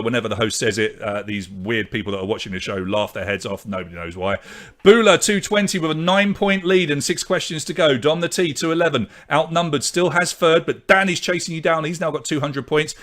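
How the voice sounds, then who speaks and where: A British man hosts a live online pub quiz, briskly reading out questions, answers and scores while chatting with viewers. His voice is on the high side with a fairly bright tone.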